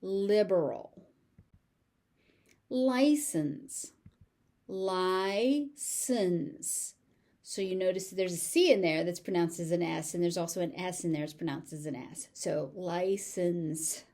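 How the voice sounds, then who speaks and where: A woman with an American accent teaching pronunciation, saying each word several times in a slow, careful drill. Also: on the low side, warm tone. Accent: General American. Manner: repeats each word slowly, syllable by syllable.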